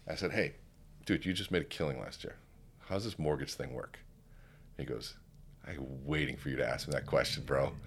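A man's voice: a bass voice, normal speed, vocal fry, pauses often, slight background noise. A man telling a story in casual conversation as a podcast guest, acting out what people said. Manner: animated, acts out quoted dialogue. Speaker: podcast guest, keynote speaker.

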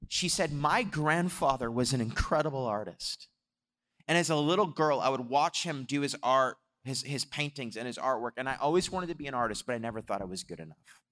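Preacher in a reverberant hall. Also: male voice, medium pitch, normal speed, pauses often. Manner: animated, swells loud on exhortations. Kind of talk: sermon storytelling.

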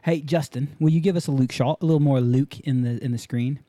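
A man's voice: medium pitch, a little fast, dark tone, no echo. A man hosting a casual talk show, speaking in an upbeat, rambling way with frequent restarts. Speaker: podcast host.

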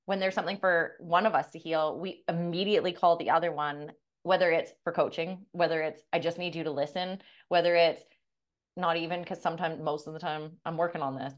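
A woman's voice: lowish voice, fairly quick. A middle-aged woman co-hosting a podcast, telling a personal story with blunt, profane candor and acting out the dialogue. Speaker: podcast co-host, coach.

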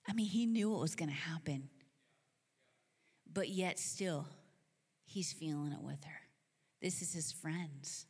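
A woman preacher telling stories in a sermon, animated and casual, with many filler words. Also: lowish voice. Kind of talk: sermon storytelling. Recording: long hall reverb.

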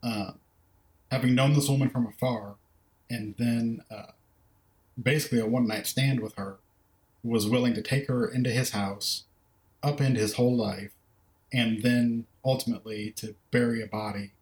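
A man's voice: medium pitch, steady tone, moderate pace, echoey room, poor audio. A man co-hosting a film podcast in casual discussion, thoughtfully recounting scenes in detail. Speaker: podcast co-host.

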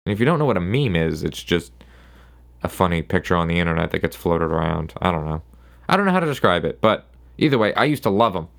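A man's voice: sits low, sing-song, quick pace, gravelly. A man hosting his own solo podcast, rambling casually and sarcastically, often restarting his sentences. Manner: rambling, sarcastic, self-interrupting. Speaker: podcast host.

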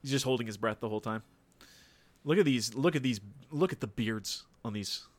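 A man casually commenting on a wrestling show with a friend, relaxed, with dry jokes and trailing asides. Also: mid-range voice, a little fast. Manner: relaxed, laid-back, mumbles and restarts, dry jokes.

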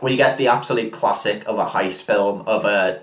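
A man's voice: lowish voice, normal speed. Rambling sweary man, echoey room. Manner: rambling, sweary, filler-heavy. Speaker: podcast co-host retelling a film. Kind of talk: casual drunken chat.

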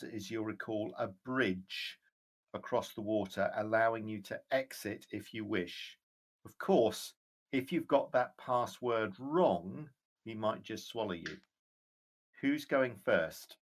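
A man running a tabletop game as game master, narrating the scene in a measured, descriptive way with occasional fillers. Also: fairly low pitch.

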